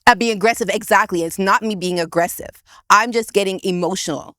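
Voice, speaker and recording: A woman co-hosting a casual podcast who gets excited and emotional as she argues back. Her voice sits at a middle pitch. The sound is close and dry. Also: fairly quick, no echo. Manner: animated, excitable, pushes back hard. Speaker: podcast co-host. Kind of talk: casual argumentative chat.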